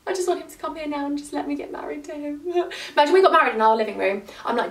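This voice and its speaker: A woman's voice: sits high, rapid-fire. Gushing woman in an echoey room. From England. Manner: gushing, chatty, excitable. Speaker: vlogger. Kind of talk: casual chat to camera. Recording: echoey room from a distance off the mic.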